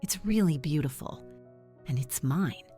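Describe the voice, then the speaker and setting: A woman voicing a weary young bride who speaks quietly but firmly. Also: deep voice, lively intonation, measured pace, faint music behind. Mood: tearful. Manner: quiet then firm. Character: weary young bride finding her strength.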